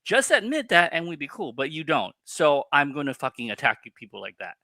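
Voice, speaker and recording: A man's voice: mid-range voice, lively intonation, a little fast, vocal fry, pushed and bright, dry recording. A man co-hosting a casual collectibles podcast, ranting with heated, profane opinions. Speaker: podcast co-host. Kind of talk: casual chat.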